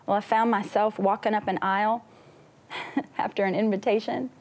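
A woman's voice: medium pitch, fairly even intonation, moderate pace, a little mellow. A woman singer, a guest on a talk show, earnestly telling her personal faith story and laughing now and then. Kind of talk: personal faith testimony in an interview.

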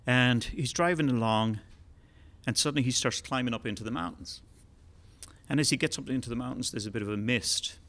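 A man telling a long joke to a concert audience. He rambles along in a relaxed way with fillers, at a middling pitch. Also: a little fast. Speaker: musician telling a joke on stage. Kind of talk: told joke, live storytelling. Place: concert hall.

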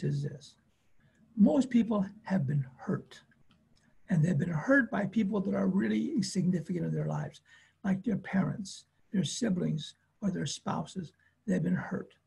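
A man's voice: high voice, gravelly, warm tone, slightly rough. A man who works as a therapist, giving a webinar talk on family conflict in plainspoken, emphatic phrases and short stories. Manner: emphatic, repetitive phrasing with acted-out quotes; plainspoken storytelling.

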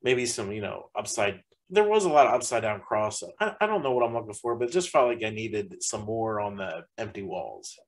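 A man's voice: fairly low pitch, expressive, brisk, few pauses, poor audio. A man reviewing a haunted attraction in casual chat, rambling and packing his sentences with fillers. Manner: rambling, heavy use of "like" fillers.

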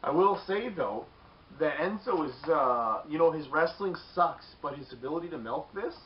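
A man's voice: a little high, expressive, moderate pace. Dry-joking man on a lo-fi recording. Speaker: wrestling show reviewer. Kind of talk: casual profane podcast banter. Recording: dull lo-fi sound.

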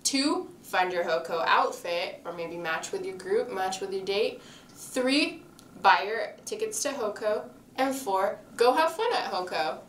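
A woman's voice: medium pitch, expressive, unhurried, fairly bright tone, slight background noise. Teen girl doing school announcements, cheerful scripted read, echoey room, bit far from mic. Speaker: student news anchor.

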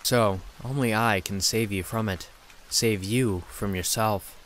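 A man's voice: fairly low pitch, measured pace, fairly bright tone. A man voicing a controlling young boyfriend who speaks in a soothing, patronizing way. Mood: coaxing.

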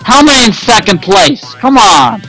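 A man's voice: high-pitched, sing-song, moderate pace, bright, forceful tone, faint music behind, low-quality recording. A man giving casual gameplay commentary, frustrated and rambling as he talks to himself about his losses. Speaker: gaming video host.

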